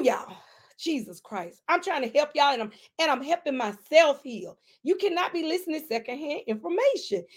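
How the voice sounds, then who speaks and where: A woman preacher giving a conversational sermon, emphatic and talking straight to her listeners, swinging between loud emphasis and quiet asides. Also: very high-pitched. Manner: emphatic, addresses listeners directly.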